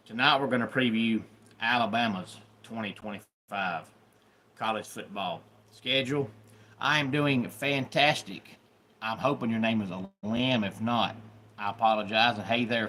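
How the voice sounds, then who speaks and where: A man from the Deep South with a Southern American accent hosts a casual live stream, chatting as he greets viewers one by one. His voice is lowish but bright and forceful, over a faint hiss.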